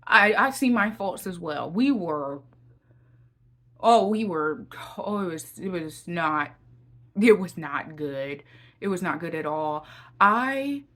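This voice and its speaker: Slow, soft-spoken young woman giving testimony. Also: lowish voice, lively intonation. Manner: heartfelt, repeats phrases, addresses viewers as y'all. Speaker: Christian encouragement vlogger. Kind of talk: personal testimony and encouragement.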